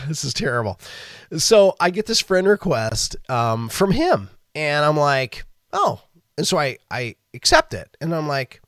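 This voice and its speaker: Animated man telling a story on a podcast. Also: fairly high pitch, normal speed, no echo, studio quality. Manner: animated, laughing, acts out quoted lines. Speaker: podcast host. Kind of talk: casual storytelling monologue.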